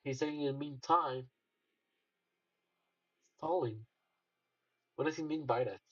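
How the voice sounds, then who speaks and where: A hoarse man streaming live, commentating on competition videos in an excitable way and often restarting his sentences. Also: fairly high pitch, slow, highs cut off.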